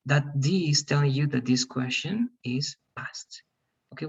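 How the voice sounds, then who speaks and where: A man teaching English pronunciation in an online class, patiently explaining and modeling words slowly. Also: mid-range voice, expressive, husky, highs cut off.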